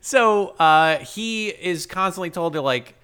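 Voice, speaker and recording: A man's voice: high-pitched, expressive, takes it slowly, bright, forceful tone, smooth. A man co-hosting a casual movie podcast, sarcastically retelling scenes and acting out the characters' lines with frequent laughter. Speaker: podcast co-host. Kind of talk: casual movie recap chat.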